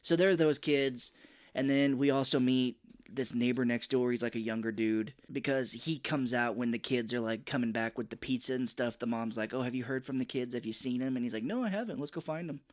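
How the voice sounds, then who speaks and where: Casting: man, podcast co-host, chatty movie recap, mid-range voice, breaks into shrill character bits. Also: a little fast. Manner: animated retelling, jumps into high-pitched voices for characters. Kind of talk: casual movie recap chat.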